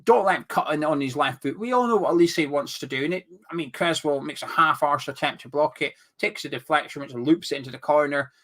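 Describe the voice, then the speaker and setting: A man's voice: on the high side, a little fast, few pauses, a bit bright. Worked-up man ranting. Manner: worked-up, exasperated, sarcastic rants. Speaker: fan channel host. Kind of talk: heated football fan commentary.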